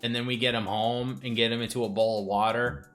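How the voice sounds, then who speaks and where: A man's voice: medium pitch, fairly even intonation, fairly quick, fairly bright tone, soft background music, natural voice. A man voicing a friendly, upbeat jock dad as he reads game dialogue aloud, with casual bro talk. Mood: storytelling.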